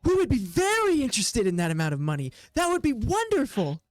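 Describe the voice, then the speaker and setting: A man's voice: extremely high pitch, huge pitch swings, a little fast, no echo, clean studio sound, exaggerated voice. A man voicing a hulking male orc who talks in surprisingly polite, formal sentences in a tabletop game. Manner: courteous and formal.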